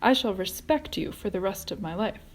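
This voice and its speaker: A woman's voice: mid-range voice, expressive, normal speed, close to an everyday voice. A woman reading aloud, voicing a sarcastic, mocking centipede in a storybook. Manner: jeering.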